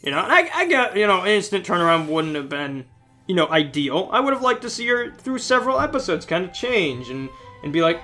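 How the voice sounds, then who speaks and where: Bright, high-voiced man ranting over a game. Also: a little fast, faint music behind. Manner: ranting, scolding, animated. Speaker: let's-play host. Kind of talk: casual rambling commentary while playing a game.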